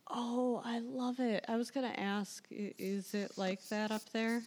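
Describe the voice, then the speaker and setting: A woman's voice: fairly high pitch, steady tone, unhurried, a little mellow. A woman hosting a podcast, chatting in a frank, casual way and swearing freely. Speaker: podcast host.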